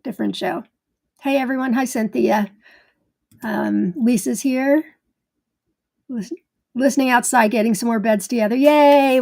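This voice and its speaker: A middle-aged woman hosting a live gardening stream, greeting viewers one by one in a bubbly, chatty way, excited like a cheerleader. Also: on the high side, gravelly. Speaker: host of a live gardening show.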